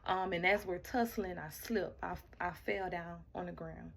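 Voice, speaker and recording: A woman casually telling a personal story straight to her listeners, animated, acting out the quoted lines and often repeating words as she goes. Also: fairly low pitch, moderate pace, creaky. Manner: talks straight to the audience, repeats and restarts words.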